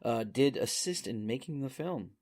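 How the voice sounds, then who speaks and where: A man's voice: mid-range voice, lively intonation, normal speed, a little mellow. A man hosting a podcast, reading movie trivia in casual chat and laughing often. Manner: reads trivia with frequent laughs. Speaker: podcast host.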